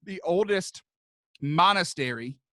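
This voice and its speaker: A man's voice: high voice, animated, slow, bright, forceful tone, no room sound, studio quality. A young man on a podcast, telling a rambling personal story in casual chat, full of restarts and sudden laughs. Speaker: podcast co-host.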